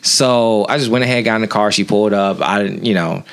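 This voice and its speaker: A young adult man co-hosting a casual podcast, telling a crude, funny story with lively delivery. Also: fairly low pitch, a little fast, creaky. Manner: animated, crude joking storyteller. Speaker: podcast co-host. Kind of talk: casual chat.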